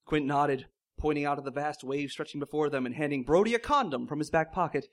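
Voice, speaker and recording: High-pitched guy reading dumb fan fiction out loud, fake serious, keeps cracking up. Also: brisk, hardly any pauses. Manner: mock-serious narration, breaking into laughter. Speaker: comedic reader.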